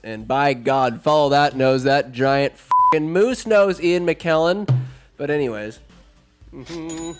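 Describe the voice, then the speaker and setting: A man hosting a comedy podcast who rambles through a film plot with crude, sarcastic jabs. His voice sits a bit high for a man, and a quiet tune plays beneath him. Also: takes it slowly, faint music behind. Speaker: podcast host. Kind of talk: comedic movie recap.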